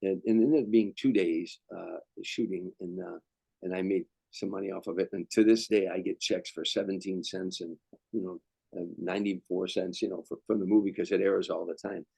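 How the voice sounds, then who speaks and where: A man's voice: sits low, fairly even intonation, fairly quick, gravelly, dark tone, slightly rough, dry recording, poor audio. An older male comedian telling anecdotes as a guest, rambling and restarting sentences. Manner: rambling, repeats words, restarts. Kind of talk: anecdotal storytelling.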